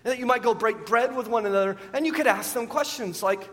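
A man's voice: very high voice, quick pace, fairly bright tone, long reverb tail. A man preaching a sermon as pastor, often asking his listeners rhetorical questions and repeating words as he goes.

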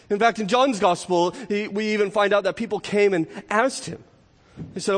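A man's voice: high voice, moderate pace. A male pastor preaching a sermon in an earnest style, often restarting phrases and adding rhetorical asides. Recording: long hall reverb.

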